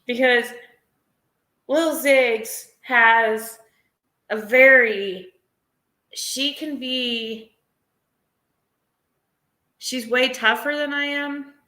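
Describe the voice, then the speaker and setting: A woman rambles through a casual live-stream chat, emotional and quick to laugh. Her voice is bright and sharp, and she takes her time. The room gives it a roomy echo. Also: high voice, fairly even intonation. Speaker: livestreamer.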